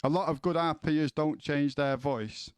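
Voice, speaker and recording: A man's voice: on the high side, steady tone, measured pace, smooth, dry recording. A man streaming from home, chatting casually with his viewers, rambling and swearing, often stumbling as he starts a sentence. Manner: sweary, rambling, repeats words when starting.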